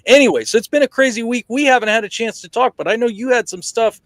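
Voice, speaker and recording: A man hosting a casual chat, relaxed and friendly in tone, catching up before handing the floor over. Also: very high voice, fast talker, no echo. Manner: relaxed, chatty. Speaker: host.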